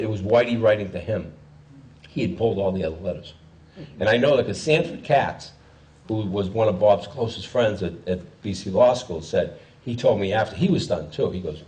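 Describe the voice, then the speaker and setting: A man's voice: on the low side, mellow, distant mic, low-quality recording. A man, a journalist telling stories in a rambling, wry, self-correcting way. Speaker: journalist guest speaker. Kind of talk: casual storytelling talk.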